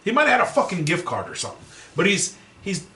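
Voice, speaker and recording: A man's voice: sits high, huge pitch swings, quick pace, pushed and bright, recorded from a distance, slight background noise. Ranting, profane man in an echoey room. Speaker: podcast co-host. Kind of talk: casual podcast chat.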